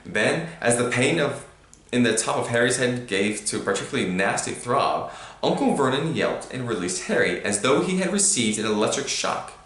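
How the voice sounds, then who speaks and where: A man reading a storybook aloud to a child, with animated emphasis. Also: mid-range voice, normal speed. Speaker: reader to a child. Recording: roomy echo.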